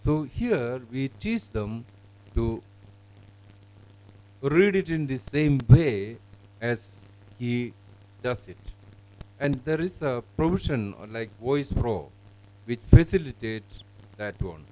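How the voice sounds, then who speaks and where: Mellow man demonstrating software. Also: medium pitch, lively intonation, low-quality recording. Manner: explanatory, halting with fillers and restarts. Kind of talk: live classroom software demonstration.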